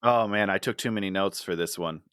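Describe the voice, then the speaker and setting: A man's voice: sits low, brisk, fairly bright tone, clear, resonant tone, no echo, clean studio sound. A man co-hosting a podcast in casual chat, mocking and swearing, laughing often. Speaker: podcast co-host.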